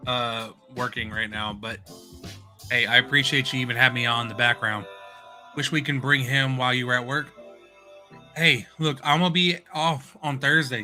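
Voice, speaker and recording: A young man hosts a relaxed late-night stream in a very bright, sharp-edged voice. He is excitable and affectionate, talks loosely in slang, and keeps repeating his exclamations. Light music plays underneath. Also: mid-range voice, moderate pace. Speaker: livestream host.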